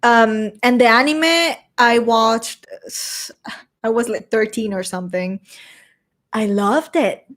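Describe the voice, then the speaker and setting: A woman's voice: fairly high pitch, takes it slowly, fairly bright tone. Chatty young woman reading chat. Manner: rambling, swears casually, switches into Spanish. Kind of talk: casual live chat.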